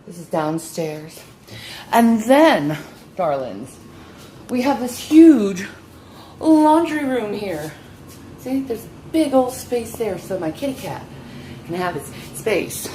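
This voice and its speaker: A woman's voice: medium pitch, lively intonation, slow pace, mellow, slight background noise. A woman filming a walking tour of her home on a handheld phone. She is out of breath and talks in a showy, defiant way, calling her viewers "darling.". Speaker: vlogger giving a home tour. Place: indoor apartment, moving between rooms.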